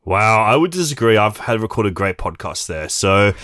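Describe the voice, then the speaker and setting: A man, a guest comedian and quiz contestant trading deadpan jokes. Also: on the low side, moderate pace, no echo, studio quality. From Australia. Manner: deadpan joking. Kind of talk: comedy podcast banter.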